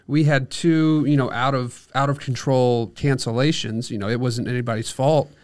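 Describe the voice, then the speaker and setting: A man in a casual church podcast chat, talking in a relaxed, reflective way. His voice sits at an ordinary middle pitch. He drops in light self-deprecating jokes. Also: moderate pace, clean tone. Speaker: podcast co-host.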